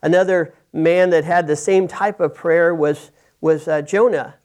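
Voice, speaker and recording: A man's voice: fairly high pitch, steady tone, a little slow, darkish tone. A man preaching a sermon, retelling a scripture story casually with frequent restarts and acted-out lines. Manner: conversational storytelling with many restarts, acting out characters' lines.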